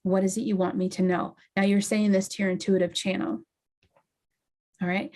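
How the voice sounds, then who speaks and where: A woman hosting a podcast as an intuitive medium, giving a slow, deliberate, step-by-step teaching talk to her listeners. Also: medium pitch, flat delivery, a little mellow. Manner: slow, deliberate, emphatic instruction. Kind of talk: guided teaching monologue.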